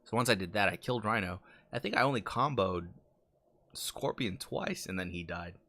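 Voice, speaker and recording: Deep-voiced casual podcast guy. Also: moderate pace. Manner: animated storytelling, acts out quotes with big jumps in pitch. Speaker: podcast co-host. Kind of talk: casual chat.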